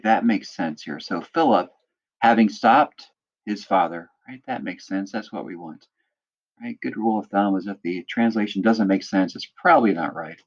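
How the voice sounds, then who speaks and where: A man's voice: on the low side, muffled recording. A man teaching a lecture, explaining step by step and checking in with students by asking "right?" again and again. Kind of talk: recorded lecture walking through a text.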